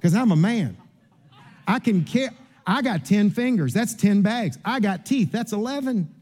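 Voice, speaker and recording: High-pitched and animated yet unhurried, this middle-aged pastor has a darkish tone as he delivers a sermon. His storytelling leans on self-mockery and humor, and he frequently restarts by repeating words.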